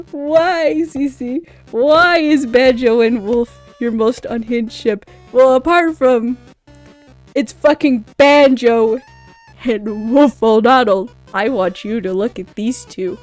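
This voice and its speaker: A young woman vlogging off the cuff, rambling with frequent laughter, loud outbursts and swearing. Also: on the high side, takes it slowly, no echo, faint music behind. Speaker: youtuber. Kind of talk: unscripted ranking vlog.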